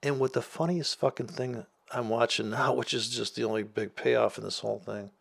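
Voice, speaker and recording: In a steady, creaky, mid-range voice at a moderate pace, a man who vlogs about trading rants profanely and sarcastically. He never stops swearing and ridicules others with put-on voices.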